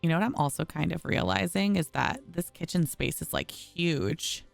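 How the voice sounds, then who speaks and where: Her low voice swings widely in pitch at a moderate pace, creaky, with no room sound and soft music in the background. This gaming streamer chats through a home-building game, frequently exasperated and talking to her y'all viewers.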